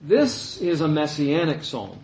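A man preaching a sermon as a pastor, earnest and emphatic, pausing often with "uh". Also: fairly high pitch, wildly swooping pitch, vocal fry, a little mellow. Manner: earnest, emphatic teaching with frequent "uh" pauses. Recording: echoey room.

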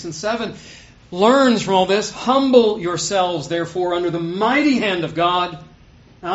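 Man, preacher, sermon, high-pitched, emphatic, quiet asides, muffled lo-fi sound. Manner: emphatic, swings between loud stresses and quiet asides. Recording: dull lo-fi recording.

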